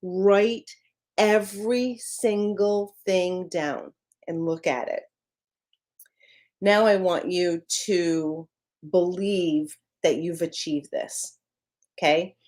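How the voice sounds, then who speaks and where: A middle-aged woman business coach giving an energetic, emphatic motivational talk in a casual way, with some mild swearing. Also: lowish voice, extremely slow.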